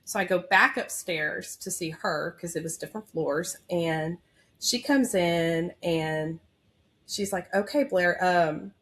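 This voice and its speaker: Speaking slowly in a fairly low, fairly bright voice, this woman is a labor and delivery nurse in her thirties. As a podcast guest she shares an emotional story from her own life, candid and heartfelt, peppered with fillers.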